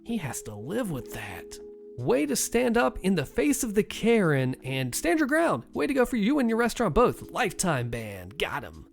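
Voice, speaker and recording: Gravelly animated male storyteller. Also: high voice, normal speed, soft background music. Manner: animated, wry, exasperated asides. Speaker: podcast host reading stories. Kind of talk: storytelling narration with casual commentary.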